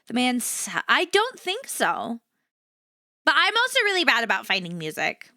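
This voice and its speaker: Animated woman streamer with a bright voice. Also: normal speed, dry recording, clean studio sound. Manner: animated, shifts between bright energetic and low flat delivery. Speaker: VTuber streamer. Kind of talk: casual live-stream chat.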